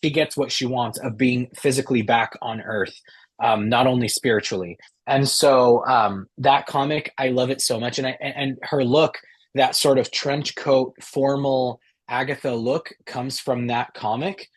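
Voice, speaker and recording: A man with a husky, slightly breathy voice co-hosts a casual fan podcast. He talks eagerly and at length, circling back with fillers and restarts as his thoughts spill out. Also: mid-range voice, steady tone, a little slow. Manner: rambling, enthusiastic, many fillers and restarts. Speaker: podcast co-host.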